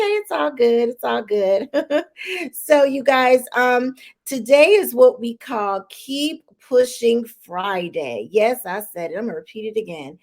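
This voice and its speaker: A woman's voice: a little high, a little mellow. A woman hosting a live-streamed talk show, chatty and emotional with many fillers and restarts, holding back tears. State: tearful, holding back crying.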